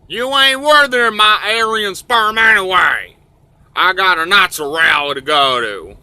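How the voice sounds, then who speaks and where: A man's voice: sits high, animated, unhurried, bright, forceful tone, clean tone, no echo, pitched above the performer's own voice, full character voice. A man voicing a sneering, swaggering bigoted man, contemptuous and dismissive.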